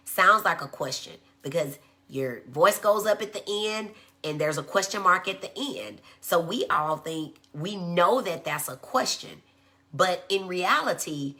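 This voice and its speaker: A woman giving a conversational live-streamed educational talk. She acts out quoted speech in a high voice. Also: animated, a little slow, pushed and bright. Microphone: phone.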